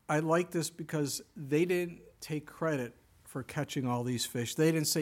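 A male pastor preaches earnestly and with emphasis. He uses rhetorical questions to draw in his listeners. His voice sits a little higher than most men's. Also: unhurried. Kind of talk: sermon.

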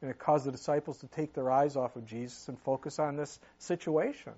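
A man's voice: medium pitch, fairly quick, dark tone, husky, muffled recording. A middle-aged man preaching a sermon in a conversational way, with asides and sudden emphatic rises. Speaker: pastor.

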